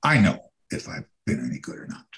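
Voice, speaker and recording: An older man, an actor, telling casual anecdotes about his stage career in an animated way. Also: fairly quick. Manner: animated anecdotes, mimics the people he quotes. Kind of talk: casual conversational storytelling.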